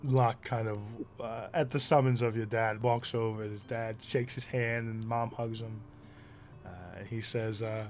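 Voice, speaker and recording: A man's voice: medium pitch, flat delivery, a little slow, darkish tone, faint music behind. A man narrating a tabletop role-playing game as game master, casual with many fillers.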